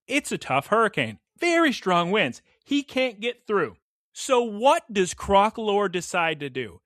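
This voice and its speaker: A man co-hosting a podcast, excitedly recapping an episode with hyped, animated storytelling. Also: sits high, a little slow, no room sound, studio quality. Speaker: podcast co-host.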